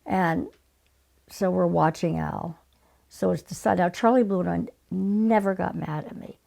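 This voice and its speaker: An older woman with a deeply gravelly, rough-edged voice sitting lower than most women. She tells her stories with lively energy, slipping into the voices of the people she quotes, in a relaxed interview. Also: a little slow. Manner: animated storyteller, acts out quoted people. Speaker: guest, casting director. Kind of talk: casual interview storytelling.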